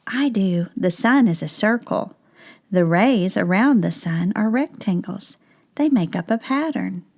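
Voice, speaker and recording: A woman teacher reads a picture book aloud to young children, taking her time over every line. Her voice has a gravelly, creaky texture at the ends of phrases, and she keeps stopping to ask the children questions. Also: mid-range voice, lively intonation, darkish tone. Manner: slow, clear, asks questions of child viewers.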